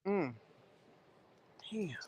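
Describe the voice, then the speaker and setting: A woman's voice: fairly low pitch, lively intonation, extremely slow, warm tone, breathy edge, no room sound. A woman on a casual chat stream reacting with swearing and disbelief.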